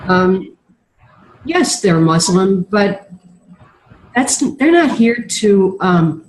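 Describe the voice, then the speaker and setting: A woman's voice: medium pitch, big pitch swings, drawn-out words. A woman speaking over a video call from an office, earnest and sincere, her voice nasal from a sinus infection, with frequent ums and restarts. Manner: earnest, warm-hearted, with many ums and restarts. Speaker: guest speaker, refugee services worker. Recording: echoey video call audio.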